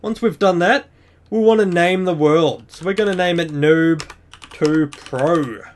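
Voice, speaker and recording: A man's voice: a little high, unhurried, slight background noise. A man hosting a game tutorial, talking casually and explaining each step of a screen-recorded walkthrough in an upbeat way.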